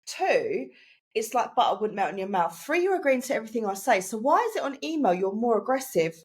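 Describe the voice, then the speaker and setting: Woman, 30s, podcast co-host; husky, chatty, frank delivery. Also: a little high, very animated, fairly quick, a little mellow. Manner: chatty, frank, acts out quoted people. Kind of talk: casual chat.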